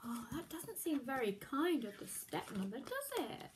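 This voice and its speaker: A woman teacher reading a storybook aloud to young children, speaking in a warm, expressive and exclamatory way. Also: sits high, moderate pace, background noise.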